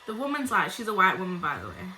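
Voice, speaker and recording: Bright-voiced blunt young woman. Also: mid-range voice, wildly swooping pitch, quick pace, a little hiss or hum, poor audio. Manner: blunt, heavy swearing, chatty asides to viewers. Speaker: vlogger. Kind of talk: casual storytime monologue.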